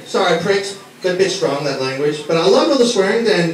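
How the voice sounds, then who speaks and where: A man's voice: high-pitched, animated, fast, few pauses, very noisy. Brash sweary Australian stand-up man. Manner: brash, sweary, teasing the audience. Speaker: stand-up comedian. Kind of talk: stand-up routine with crowd work. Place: small comedy bar. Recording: echoey club from far off, crowd laughter.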